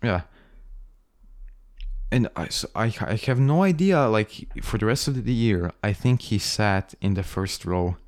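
A man's voice: on the low side, expressive, measured pace, darkish tone, no room sound. A man from Croatia in casual podcast chat, blunt and swearing. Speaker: podcast co-host.

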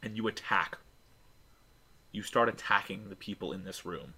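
A man's voice: deep voice, moderate pace, vocal fry, pushed and bright, husky. A man narrating a tabletop game as game master, descriptive and restarting often.

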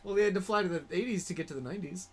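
A man's voice: high-pitched, racing, slight background noise. A man in easygoing casual chat as a podcast guest, laughing often. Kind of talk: casual chat about comics.

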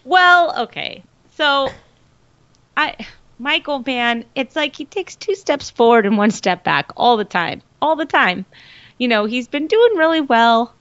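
A woman chatting casually about a TV episode, animated and laughing, often mimicking characters. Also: sits high, unhurried, no echo. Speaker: podcast co-host. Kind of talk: casual TV recap chat. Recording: dull, lo-fi dry recording.

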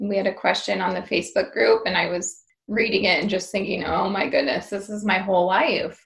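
A woman's voice: mid-range voice, steady tone, fairly quick, creaky, reverberant. A woman co-hosting a parenting podcast, talking in a casual, chatty way with lots of "like". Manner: chatty, peppered with "like". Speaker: podcast co-host.

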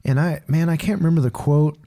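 Rambling, candid man with a mellow voice. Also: a little high, quick pace, vocal fry. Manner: candid and rambling, heavy with fillers like "dude" and "man". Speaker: podcast co-host. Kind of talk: casual faith conversation.

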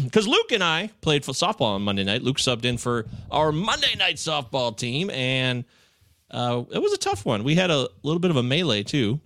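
A man's voice: fairly high pitch, a bit bright, no room sound. A young man co-hosting a casual chat, telling profane stories with acted quotes. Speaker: podcast co-host.

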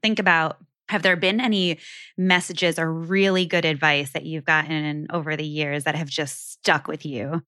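A woman co-hosting a podcast, chatting warmly and affirming her partner, quick to agree and laugh. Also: sits low, fairly even intonation, dry recording, clean studio sound. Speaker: podcast co-host. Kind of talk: casual conversational podcast chat.

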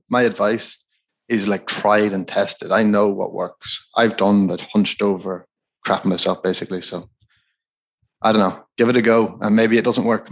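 A man co-hosting a podcast, giving sales advice in a relaxed, rambling, conversational way. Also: on the low side. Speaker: podcast co-host.

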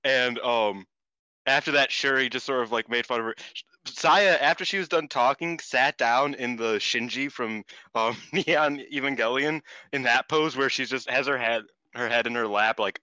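A man co-hosting a casual wrestling chat, animated and swearing freely, acting out what others said. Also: mid-range voice, moderate pace, dry recording. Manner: animated, swears often, acts out quotes. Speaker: podcast co-host.

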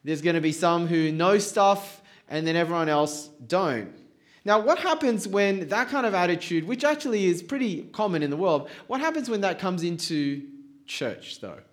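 Chatty male preacher with a higher voice. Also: animated, moderate pace. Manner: conversational, playful, asks the congregation questions. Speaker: pastor. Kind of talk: sermon.

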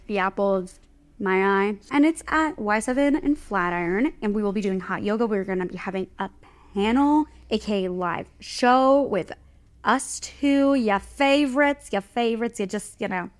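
A young woman co-hosting a podcast, chatting casually and joking through event announcements. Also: medium pitch. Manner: bubbly, joking, quick asides. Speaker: podcast co-host. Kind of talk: casual podcast chat and ad read.

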